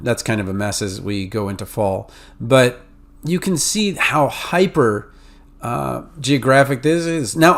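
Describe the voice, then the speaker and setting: Man, New England accent, podcast host, casual explainer, filler-heavy talk. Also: mid-range voice. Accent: New England and Mid-Atlantic. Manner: conversational, many fillers and restarts. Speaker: podcast host advising pharmacy students.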